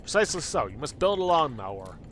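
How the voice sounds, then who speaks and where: A man's voice: on the high side, sing-song, quick pace, fairly bright tone, slight background noise. A man voicing an ancient male personification of time, speaking in a grandiose, formal manner. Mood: pompous.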